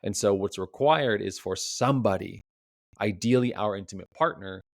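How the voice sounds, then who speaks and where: A man's voice: lowish voice, moderate pace, creaky, dry recording, clean studio sound. A man as a relationship coach, giving a reflective solo podcast talk full of rhetorical questions, often tagged with "right?".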